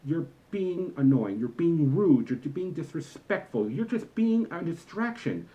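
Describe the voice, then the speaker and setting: A man's voice: a little high, sing-song, measured pace, dark tone, low-quality recording. A young man in a comedic vlog rant about customers, talking in an exasperated, lecturing and emphatic way. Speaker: vlogger, former movie theater employee.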